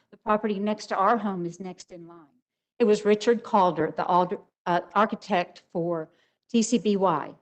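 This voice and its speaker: A woman's voice: mid-range voice, darkish tone, poor audio. An older woman speaking as a resident at a public hearing, emotional and emphatic. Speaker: resident giving public comment.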